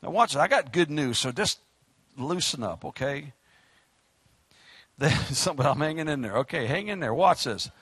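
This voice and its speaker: Preacher guy, high-pitched and all over the place, cracking jokes then hollering. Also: normal speed, pauses often, breathy edge, no room sound. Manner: animated preaching, joking asides, shouted exhortations. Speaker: pastor. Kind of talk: fiery sermon.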